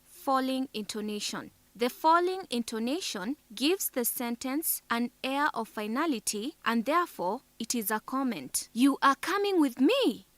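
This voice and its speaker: A woman reads a scripted lesson at an unhurried pace, her voice bright and a little higher than most. She carefully spells out syllables and example words, and the recording is dry and close. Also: dry recording. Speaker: teacher narrator.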